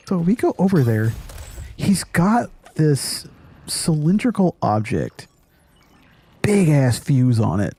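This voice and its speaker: Guy on a gaming vid telling a crazy story, keeps cracking up, mellow voice, swears a lot. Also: a little high, unhurried, creaky, breathy edge, faint music behind. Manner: animated, laughs often while telling the story, swears casually. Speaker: gaming channel host. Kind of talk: casual storytelling over gameplay.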